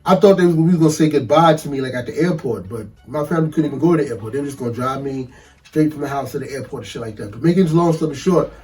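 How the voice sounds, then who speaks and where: A man casually telling a funny story, animated and profane, laughing often and acting out the voices of people in it. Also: mid-range voice, racing, recorded from a distance, soft background music.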